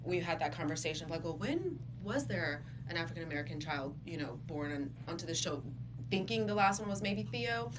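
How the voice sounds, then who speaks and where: A woman co-hosting a soap opera recap show, earnest and chatty, with a hoarse voice. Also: on the low side, animated, brisk, noisy background. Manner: earnest, lots of "you know". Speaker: co-host. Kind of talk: casual recap chat.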